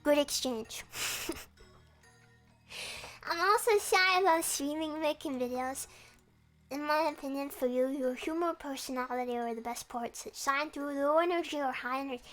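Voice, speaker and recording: A woman's voice: sits high, moderate pace, fairly bright tone, faint music behind. A young woman chatting casually and playfully with her viewers on a stream from her room. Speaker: VTuber streamer.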